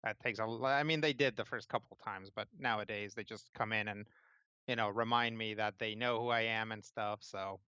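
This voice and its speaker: A jittery old innkeeper who stammers and dodges every question, as a man puts him on. The voice sits a little high, with a crisp, bright tone. The recording is dry and slightly dull. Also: steady tone, normal speed, dry recording. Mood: casual. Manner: nervous, stammering, evasive. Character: nervous old bird-like male innkeeper.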